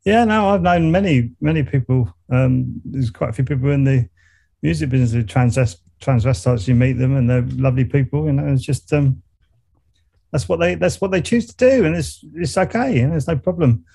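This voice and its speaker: A man's voice: mid-range voice, fairly quick, gravelly, mellow, husky. A middle-aged man with a Surrey English accent, talking as an interview guest in a reflective, rambling way. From England. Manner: reflective, rambling, frequent restarts and laughs. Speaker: guest, meditation coach and musician. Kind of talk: casual interview conversation.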